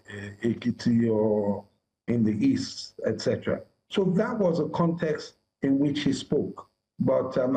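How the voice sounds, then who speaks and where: Male pundit, warm mellow tone, halting, lots of ums. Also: medium pitch, poor audio. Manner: hesitant, many fillers. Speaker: political commentator. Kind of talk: TV panel commentary.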